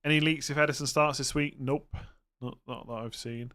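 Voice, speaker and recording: A man hosting a live stream, chatting casually and thinking aloud as he answers viewers' questions. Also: mid-range voice. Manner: relaxed, thinks aloud with fillers and quick verdicts. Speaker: livestream host answering fantasy football questions.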